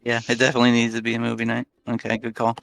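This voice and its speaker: Male host-caster, mid-pitched, quick questions, trips over words in excitement, music underneath. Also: creaky, dry recording. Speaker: commentator and host. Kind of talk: casual game commentary.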